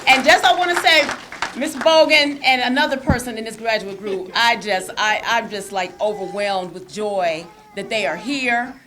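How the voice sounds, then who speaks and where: A woman's voice: a little high, moderate pace. A woman judge speaks proudly and with laughter as she introduces graduates at a courtroom ceremony. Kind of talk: ceremony remarks. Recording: noisy courtroom.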